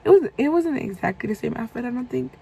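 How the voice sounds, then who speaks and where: A young woman telling a casual storytime vlog, animated and profane, acting out heated quotes. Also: a little high, fast, creaky, breathy edge, rough recording. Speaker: vlogger.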